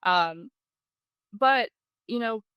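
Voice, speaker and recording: A woman, a podcast guest telling a hunting story in a casual, animated way. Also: on the high side, very slow, clear, resonant tone, no room sound, dull audio.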